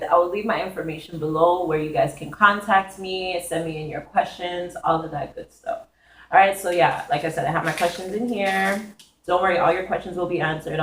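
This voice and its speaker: Hoarse young woman with a low voice. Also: fairly bright tone, reverberant, slight background noise, rough recording. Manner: chatty, giggly, talks straight to viewers. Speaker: YouTuber hosting her own advice segment. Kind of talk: casual chat to camera.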